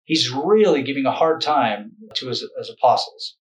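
A man's voice: mid-range voice, expressive, moderate pace, very noisy. A man who is a video lecturer and author, explaining in a loose, conversational way and often correcting himself mid-sentence.

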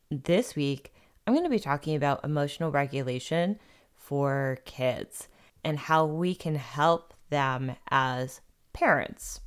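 Low-voiced woman hosting a parenting podcast. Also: clean tone. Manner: warm, earnest, conversational parenting advice. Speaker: podcast host. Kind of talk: solo podcast talk.

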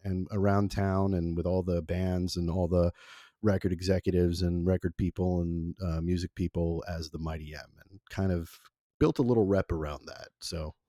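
A man's voice: low voice, fairly even intonation, normal speed, mellow, no room sound, studio quality. A man in his forties, born in Italy with Italian as his first language, recalling his college radio days in a rambling, self-deprecating way with lots of fillers. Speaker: former college radio producer. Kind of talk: relaxed interview conversation.

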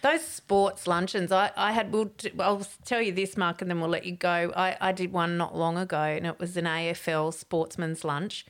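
A woman's voice: lowish voice, fairly even intonation, normal speed, few pauses. A woman comedian co-hosting a casual chat, telling anecdotes and laughing often. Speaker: comedian and co-host.

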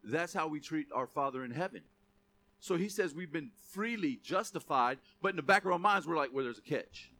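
A pastor preaches in a bright, slightly high voice. He talks casually with his congregation and then pushes into emphatic, ringing calls. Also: expressive, fairly quick. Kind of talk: sermon.

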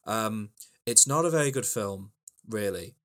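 A man's voice: on the low side, lively intonation, measured pace, fairly bright tone. A man co-hosting a casual podcast about films, rambling with many ums and restarts. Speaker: podcast co-host. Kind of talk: casual film chat.

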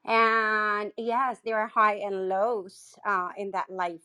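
A woman who works as a chakra healer, sharing in an earnest, spiritual way with many pauses. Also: mid-range voice, level tone, sharp tone. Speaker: chakra healer speaking in an audio room. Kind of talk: heartfelt casual sharing.

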